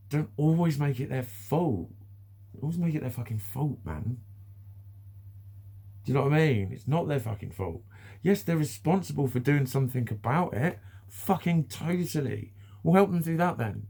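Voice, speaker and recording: A British vlogger with a mellow, mid-range voice goes on a blunt, casual rant to the camera. He swears freely, repeats himself and laughs every so often.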